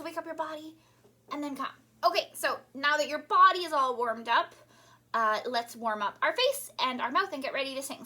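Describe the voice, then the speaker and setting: Speaking with an extremely high pitch, a woman voice teacher leads a recorded singing lesson. She's cheerful and encouraging, and sings short warm-up demonstrations.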